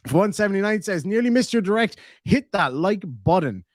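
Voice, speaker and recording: A lively Irish man rambles through a live stream, swearing freely and tripping over his own restarts. His voice sits a little high for a man, and the sound is close and dry with no room echo. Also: moderate pace. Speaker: livestreamer reading viewer donations. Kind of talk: casual live-stream chat.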